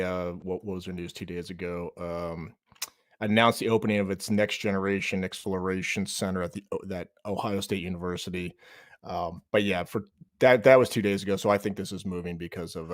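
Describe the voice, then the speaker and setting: Male co-host, lower voice, dry close-miked sound, offhand news reader. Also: steady tone, brisk, no room sound. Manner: offhand and self-deprecating. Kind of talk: live market commentary.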